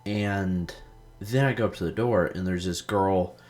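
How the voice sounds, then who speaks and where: A man's voice: sits low, a little slow, darkish tone. A young man hosting a gaming video, chatting casually and telling rambling stories, swearing a lot and saying "like" often. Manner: rambling storytelling, heavy swearing, lots of "like". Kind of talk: casual gameplay commentary.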